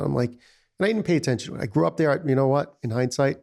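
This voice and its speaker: A man's voice: medium pitch, very fast, vocal fry, darkish tone. A man, a restaurant founder telling stories in a casual interview, rambling with many "you know"s. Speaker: restaurant founder, podcast guest.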